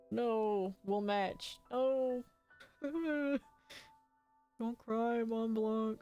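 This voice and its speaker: A woman's voice: on the high side, fairly even intonation, extremely slow, warm tone, clean tone, faint music behind. A woman streaming a game, reading its story dialogue aloud and reacting with laughter and swearing in casual commentary.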